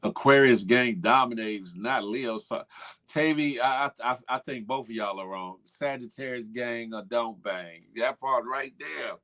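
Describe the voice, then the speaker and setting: Reading viewer comments on his morning show, the host chats casually and teases the audience with slang and laughter. His medium-pitched voice sounds bright and forceful, and he speaks a little slowly.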